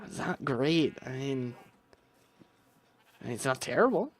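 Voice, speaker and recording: Commentating casually on his own gameplay, a young gaming creator muses aloud, wandering off into asides and restarting his thoughts often. His medium-pitched voice is animated, though his pace is a little slow.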